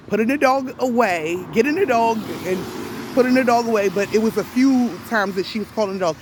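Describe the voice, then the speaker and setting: A woman retelling an event to viewers in casual speech, deliberate and emphatic, pressing her points with rhetorical questions. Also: a little high, slight background noise. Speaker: storyteller recounting an event to viewers.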